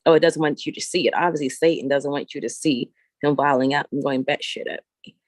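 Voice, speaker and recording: A vlogger walks around filming on a handheld phone, telling a long story as a blunt, exasperated, profane rant that rambles. The voice is medium-pitched with fairly even intonation and a slightly fast pace, and there's no room sound.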